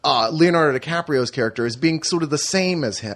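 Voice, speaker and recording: A man's voice: fairly high pitch, quick pace, fairly bright tone. A man in a casual movie review chat, talking through a film thoughtfully. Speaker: podcast co-host.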